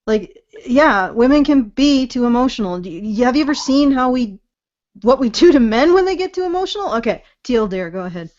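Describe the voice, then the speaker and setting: A woman's voice: fairly high pitch, lively intonation, fairly quick, a little mellow, dull audio. A woman co-hosting a casual podcast chat, with pointed, sardonic remarks. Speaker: podcast co-host.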